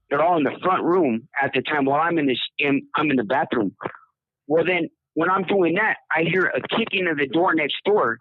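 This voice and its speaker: A man's voice: fairly high pitch, dry recording. A man from Southern California telling his own story in a rambling, casual way, repeating words and acting out what people said. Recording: dry tinny phone line.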